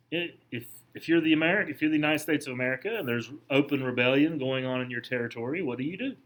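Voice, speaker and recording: A man lectures a history class in a fairly high voice. He talks conversationally, stopping often to quiz the students. He restarts his sentences as he goes. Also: a bit bright. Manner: conversational, asks the class questions, frequent restarts. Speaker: history teacher.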